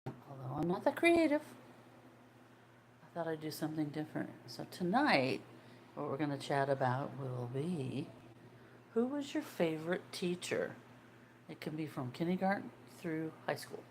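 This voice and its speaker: An older woman in her sixties talks in a low, easy voice, hosting a casual livestream. She chats away and answers viewers' comments as they come in. A faint room ambience sits behind her. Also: very animated, moderate pace, slight background noise. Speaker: livestream host.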